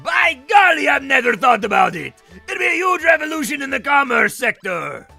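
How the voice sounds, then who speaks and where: A man voicing an excitable male chameleon shopkeeper in a loud, squawking put-on voice while playing a game. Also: very high-pitched, moderate pace, vocal fry, faint music behind, pitched above the performer's own voice, exaggerated voice. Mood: excited. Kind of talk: let's play voice acting.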